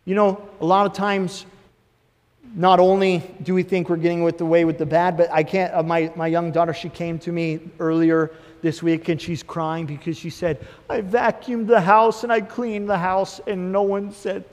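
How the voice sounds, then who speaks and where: A man in his thirties preaching a sermon as pastor, swinging between emphatic bursts and quieter asides. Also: fairly high pitch, fairly even intonation, moderate pace. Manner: preaching with rising emphatic bursts and acted inner voices. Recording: long hall reverb.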